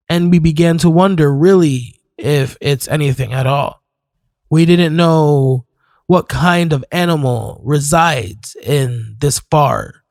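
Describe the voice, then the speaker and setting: A man narrating a horror story in a measured, scripted storytelling manner. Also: a little high, a little mellow, dry recording, studio quality. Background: faint music.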